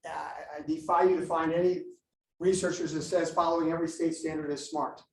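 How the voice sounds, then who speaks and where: A man's voice: on the high side, brisk, a little hiss or hum. A man, a school administrator, giving a live presentation to parents, telling funny stories and acting out students. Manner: animated storyteller, jokes and acts out students. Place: school meeting room. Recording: echoey room, live meeting.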